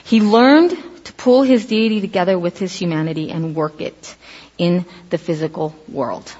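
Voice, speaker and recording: A middle-aged woman giving a casual sermon, telling stories with lively acted-out quotes. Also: lowish voice, normal speed. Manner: animated storytelling, acts out quoted voices. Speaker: preacher. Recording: dull lo-fi audio in a reverberant hall.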